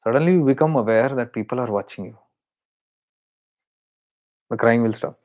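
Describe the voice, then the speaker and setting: A man's voice: medium pitch, normal speed, darkish tone. A man with an Indian accent, a spiritual teacher explaining awareness in an earnest, repetitive way. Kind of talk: spiritual talk.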